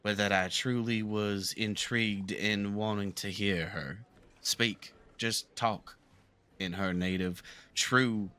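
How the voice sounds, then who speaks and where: A man playing a talkative southern gentleman from the bayou, with a Southern twang, rambling earnestly through a live game roleplay. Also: fairly low pitch, fairly even intonation, slow pace, clean tone. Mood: reminiscing.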